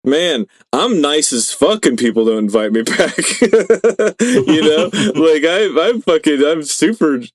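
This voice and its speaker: A man's voice: fairly high pitch, lively intonation, slow, no room sound. A man co-hosting a podcast in casual chat, swearing a lot and rambling with many fillers. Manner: profane, rambling, heavy fillers. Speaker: podcast co-host.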